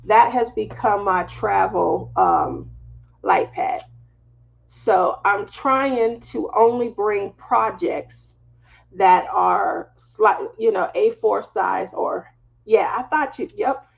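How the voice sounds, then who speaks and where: Woman, Southern US accent, craft stream host, casual chatty storytelling, gravelly, muffled lo-fi audio. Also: medium pitch, slow pace. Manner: chatty, laughing, storytelling asides. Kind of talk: casual live-stream chat. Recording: slightly dull lo-fi audio.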